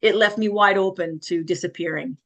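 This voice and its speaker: A woman's voice: mid-range voice, fairly even intonation, brisk. A middle-aged woman, an interview guest, telling her life story with emotion and nervous laughter. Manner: emotional, vivid retelling with quoted voices and nervous laughs.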